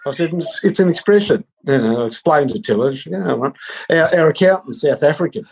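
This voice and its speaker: A man's voice: on the high side, expressive, fast, gravelly. A middle-aged Australian man co-hosting a casual comedic sports chat, telling rambling wry stories. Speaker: co-host.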